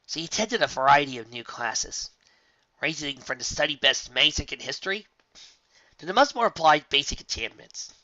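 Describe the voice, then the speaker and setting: Lively bright story reader. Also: medium pitch, moderate pace, no echo, highs cut off. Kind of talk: reading a fan story aloud.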